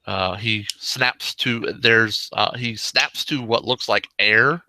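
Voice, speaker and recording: A man narrating a tabletop game as game master, in a relaxed, meandering descriptive way. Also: fairly low pitch, takes it slowly, dry recording.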